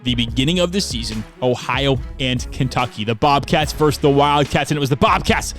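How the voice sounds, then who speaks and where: A young man giving excitable play-by-play commentary over video game football highlights, bursting into shouts on big plays. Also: a little fast, soft background music.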